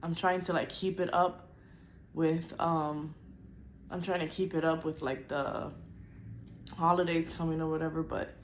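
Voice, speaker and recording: A woman's voice: sits low, fairly even intonation, a little slow, long pauses, slight background noise. A young woman vlogging a frustrated personal rant, upset and close to tears, with lots of "like" in her talk. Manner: frustrated, venting, heavy use of "like".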